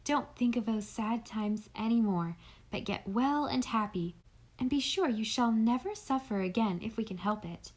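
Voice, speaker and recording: A woman voicing a gentle, motherly schoolmistress who speaks softly and tenderly. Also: fairly high pitch, moderate pace, lightly acted. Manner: soft, tender, often near a whisper.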